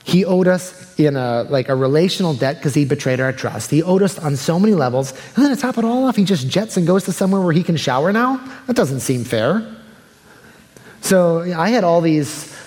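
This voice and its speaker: A man's voice: a little high, darkish tone, long reverb tail. A young adult man preaching a sermon in a conversational way, acting out the people he quotes. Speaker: pastor.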